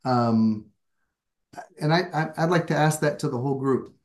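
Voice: mid-range voice, normal speed, darkish tone. A Bible study leader talks through the text on a video call. The delivery is reflective and searching, with a self-deprecating streak. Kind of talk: leading a group discussion.

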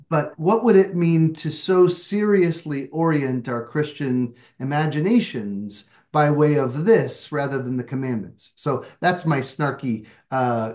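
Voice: mid-range voice, a little mellow. A Bible study leader talks through the text on a video call. The delivery is reflective and searching, with a self-deprecating streak. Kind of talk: leading a group discussion.

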